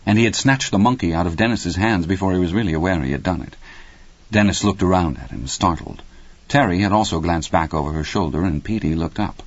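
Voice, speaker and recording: A man narrating an audiobook in a measured, steady reading. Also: low-pitched, slightly rough, no room sound. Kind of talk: scripted narration. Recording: dry, slightly muffled studio recording.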